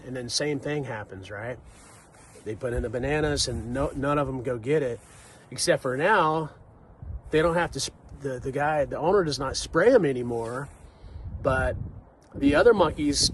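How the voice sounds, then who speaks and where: A man's voice: medium pitch, a little hiss or hum. A man in his forties talking casually to the camera in a rambling way, full of fillers, restarts and "right?" asides as he reflects on life. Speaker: vlogger.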